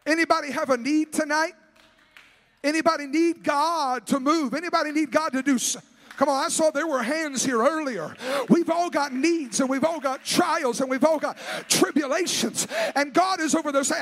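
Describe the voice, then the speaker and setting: A man preaching as a guest evangelist at a church service, fervent and often shouting to the congregation. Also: very high voice, normal speed. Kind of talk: sermon.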